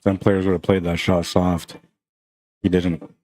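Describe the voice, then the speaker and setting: A man's voice: deep voice, level tone, measured pace, a little mellow, dry recording. A man commenting live on a pool match for a stream, chatty and greeting viewers by name between shots.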